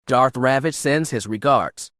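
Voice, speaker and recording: A man voicing a scheming female Sith dark lord in an audiobook, purring and taunting. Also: medium pitch, measured pace, dry recording, clean studio sound, natural voice. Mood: commanding.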